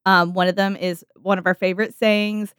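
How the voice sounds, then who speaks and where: A woman's voice: medium pitch, level tone, moderate pace, fairly bright tone, smooth, dry recording, clean studio sound. A woman hosting a podcast, chatting playfully and joking with guests. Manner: playful, joking, laughing often. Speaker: podcast host. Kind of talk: casual podcast chat.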